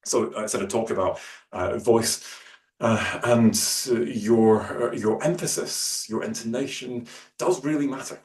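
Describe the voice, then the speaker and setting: A man giving a workshop talk on public speaking, with many fillers and restarts, who shifts his loudness and pace. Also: fairly low pitch, steady tone, measured pace. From Scotland. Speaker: lecturer. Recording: roomy, distant mic, faint hum.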